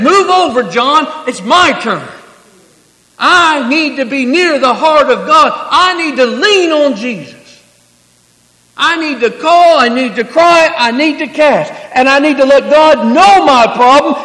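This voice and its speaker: A man preaching a sermon, swinging from hushed, quiet passages to loud, emphatic declarations. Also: very high-pitched. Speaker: pastor. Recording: echoey hall.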